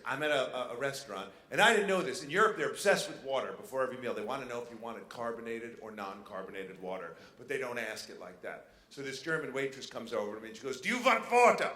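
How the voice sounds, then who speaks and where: Male stand-up comic, brash and bright; echoey stage mic, faint ambience. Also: medium pitch. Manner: brash, animated, jumping into quick voices. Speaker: stand-up comedian. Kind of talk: stand-up comedy set. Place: casino showroom stage.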